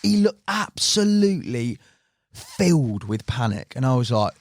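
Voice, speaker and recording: A man spins an animated yarn on a podcast, peppering his talk with fillers and "mate". His voice sits mid-range and the studio sound is dry and close. He sounds relaxed and chatty. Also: medium pitch, moderate pace, no room sound. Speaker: team member recounting stories. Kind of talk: casual podcast chat.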